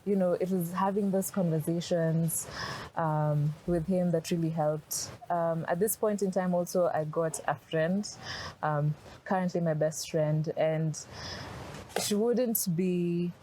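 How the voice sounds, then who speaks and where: A young woman talking casually on a podcast, reflective and halting, with many restarts. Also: fairly low pitch, steady tone, warm tone, rough recording. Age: young adult. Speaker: podcast guest. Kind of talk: casual conversation about grief. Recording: faint background noise.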